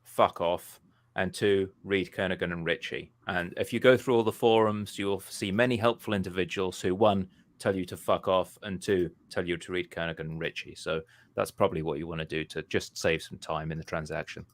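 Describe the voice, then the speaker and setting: A man's voice: low voice, steady tone, brisk. A man co-hosting a casual podcast chat with a dry, sardonic wit. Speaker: podcast co-host.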